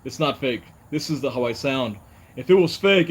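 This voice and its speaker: A man's voice: mid-range voice, moderate pace, breathy edge. A young man, host of a fishing channel, talking casually in a personal vlog, rambling and repeating "you know" as he talks.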